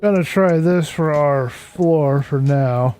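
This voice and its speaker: A man's voice: a little high, slow, a little mellow. Tired man streaming a building game. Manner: rambling, talks to himself and greets chat. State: tired, worn out. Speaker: Minecraft streamer. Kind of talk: casual live-stream commentary while building. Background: background game music.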